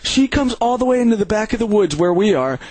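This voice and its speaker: A man hosting a radio show, telling profane stories in a casual, animated way and laughing often. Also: high-pitched, fast, a little hiss or hum, rough recording. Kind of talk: casual chat.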